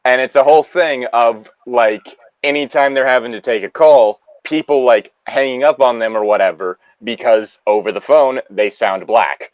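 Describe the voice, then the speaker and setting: A man's voice: mid-range voice, moderate pace, hardly any pauses, dry recording, dull audio. A man in a casual chat, rambling with many ums and likes.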